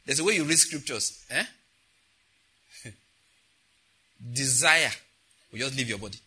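A man preaching a sermon as pastor, animated, with asides and a husky voice. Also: mid-range voice, unhurried, low-quality recording.

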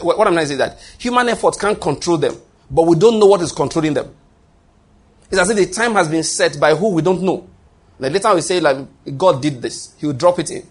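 A man's voice: fairly high pitch, animated, fairly quick, slightly rough. A man preaching a sermon, emphatic and repetitive, often restarting his phrases.

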